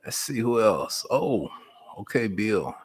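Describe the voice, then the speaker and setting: Middle-aged man, folksy live-stream host, somewhat low voice, easygoing storyteller. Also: very animated, takes it slowly, breathy edge. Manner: folksy, storytelling, warm Southern American speech with "y'all". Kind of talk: casual live-stream chat, reading viewer comments.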